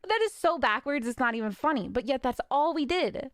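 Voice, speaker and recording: Young woman ranting on stream, slightly raspy, high voice jumping all over, laughs it off. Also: expressive, fast, hardly any pauses, no echo, studio quality. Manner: frustrated venting, swearing, nervous laughs. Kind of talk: casual ranting chat.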